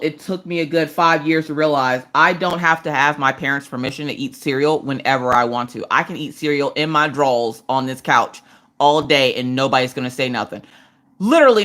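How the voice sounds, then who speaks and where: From her couch at home, a deep-voiced woman in her thirties hosts a livestream, chatting casually while crafting. She tells animated stories and puts on voices for the people she quotes.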